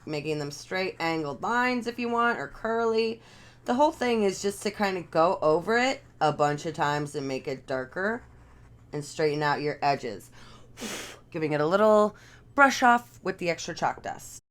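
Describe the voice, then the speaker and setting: A woman's voice: lowish voice, animated, moderate pace. A young adult woman giving a casual, encouraging art lesson from her living room, chatting while she draws. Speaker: art instructor.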